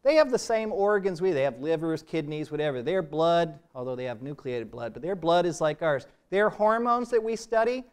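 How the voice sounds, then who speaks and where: Older male professor, lecture hall Q&A; high, smooth voice, relaxed with joking asides. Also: moderate pace, few pauses. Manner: relaxed, self-deprecating asides, restarts sentences. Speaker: biology professor giving a lecture. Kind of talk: public lecture and Q&A.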